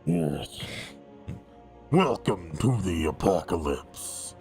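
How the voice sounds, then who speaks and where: A man voicing a huge, grim brute, slow and terse, in a deep gravelly rumble. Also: big pitch swings, darkish tone, faint music behind, full character voice. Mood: gruff.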